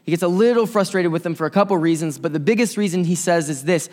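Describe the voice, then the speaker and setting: A man preaching a sermon with passion, swinging between loud urgent stretches and soft quiet ones. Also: high-pitched, quick pace, hardly any pauses. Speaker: pastor. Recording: long hall reverb.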